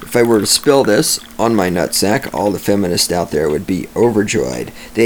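A man's voice: fairly low pitch, expressive, normal speed, few pauses, slight background noise. A man hosting a solo podcast, ranting with sarcasm and heavy profanity, talking at his home microphone. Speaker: podcast host.

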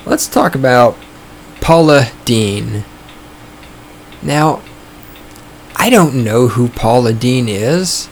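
A man hosting his own podcast, talking in a sarcastic, profane, ranting way, his voice starting to go hoarse. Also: medium pitch, animated, very slow, long pauses, a little hiss or hum. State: voice going hoarse. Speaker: podcast host. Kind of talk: casual opinionated podcast monologue. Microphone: studio microphone.

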